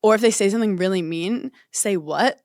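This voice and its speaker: A young woman co-hosting a podcast in casual chat, giggly and animated as she tells stories. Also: mid-range voice, fast talker, dry recording, clean studio sound. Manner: giggly, animated storytelling with acted quotes. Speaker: podcast co-host.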